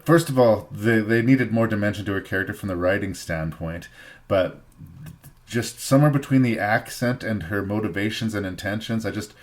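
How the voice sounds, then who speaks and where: A man from Canada hosting a podcast, giving a thoughtful, measured film review in casual chat and repeating phrases for emphasis. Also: fairly low pitch. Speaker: podcast host.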